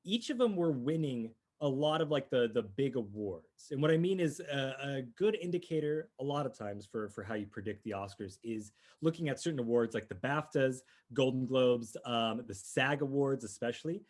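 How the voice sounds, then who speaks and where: A man's voice: mid-range voice, lively intonation, moderate pace, few pauses, a little mellow. A man co-hosting a podcast, chatting casually and enthusiastically about films, often restarting his sentences. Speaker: podcast co-host. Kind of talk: casual movie review chat.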